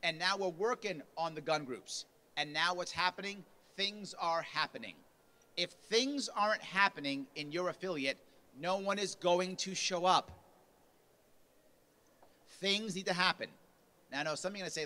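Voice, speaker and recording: At a moderate pace, a man with a high, pushed and bright voice delivers a punchy motivational speech to a party convention lunch hall. He acts out quotes, raising his voice as the volume builds.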